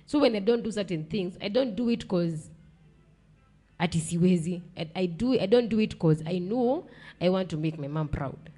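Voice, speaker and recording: A young woman with a Kenyan accent speaks low and mellow. She tells a painful family story in blunt, slangy talk and sounds close to tears. Her voice stays dark and soft. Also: animated, moderate pace. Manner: mixes English and Swahili slang, blunt, swears. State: emotional, near tears. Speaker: podcast guest. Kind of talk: emotional personal storytelling.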